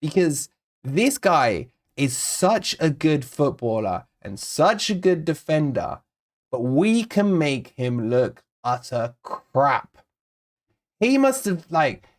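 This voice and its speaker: Ranting football fan, higher voice. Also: male voice, big pitch swings, unhurried. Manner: exasperated, sarcastic ranting, reads viewer comments aloud. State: recovering from covid. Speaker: fan channel host. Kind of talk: casual fan review with player ratings.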